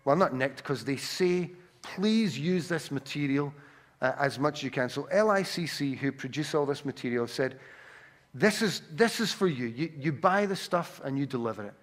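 A man's voice: mid-range voice, animated, normal speed. A man preaching a sermon to a congregation, reading scripture aloud with rising emphasis.

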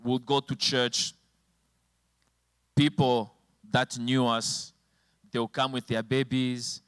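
Man, preacher, sermon with personal testimony, emotional storytelling, middle pitch, dry close sound. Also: flat delivery, slow pace, long pauses, a bit bright, clear, resonant tone, dry recording. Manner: emotional storytelling, voice rising and falling sharply. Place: church with slides and a helper at the computer.

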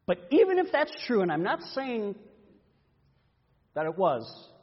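A male pastor preaches a dramatic first-person story in an expressive, storytelling manner. His husky, high-set voice swings widely in pitch. It carries a long sanctuary reverb on a muffled, dull recording. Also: a little slow. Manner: expressive storytelling, exasperated and animated. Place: church sanctuary.

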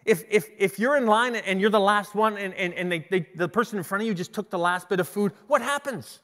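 Middle-aged guy preaching, kinda high voice, lively storyteller, big echoey church hall. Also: a little fast. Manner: animated storytelling with repeated restarts. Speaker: pastor. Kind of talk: sermon. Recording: long hall reverb.

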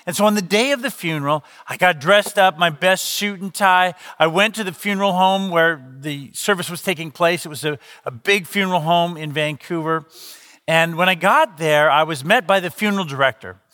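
A middle-aged man, the lead pastor, preaching an Easter sermon in a conversational, animated storytelling way with quoted dialogue. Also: high voice, normal speed, in a large hall.

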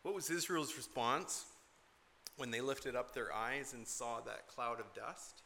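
Bright, forceful male preacher. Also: medium pitch, a little slow, creaky, a little hiss or hum. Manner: earnest, emphatic, repeats key points. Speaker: pastor. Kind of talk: expository sermon.

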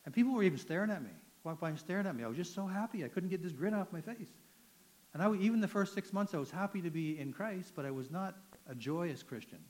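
A man's voice: high-pitched, animated, quick pace, a little mellow, poor audio. A man giving an earnest, emphatic testimony sermon to a church audience, telling his story with feeling. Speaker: guest speaker giving testimony.

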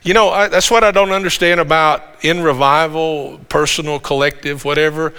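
A man preaching a sermon, earnest and animated, building to emphatic high points as he reads and explains scripture. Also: normal speed, clean tone, big-room sound.

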